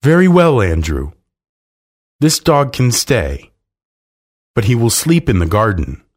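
A man voicing a fussy, anxious woman who frets over her dog, shrill and scolding. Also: huge pitch swings, slow, exaggerated voice. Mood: distressed.

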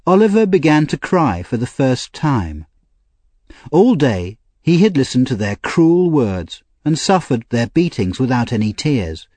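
Husky guy reading a storybook aloud, lowish voice, lots of ups and downs, dry close sound. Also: no room sound. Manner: expressive, measured storytelling. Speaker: narrator. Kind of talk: audiobook narration.

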